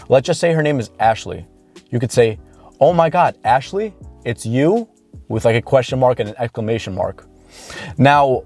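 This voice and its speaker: A man's voice: medium pitch, darkish tone. A man coaching viewers on dating, talking earnestly to camera and repeating key points for emphasis. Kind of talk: instructional talk to camera.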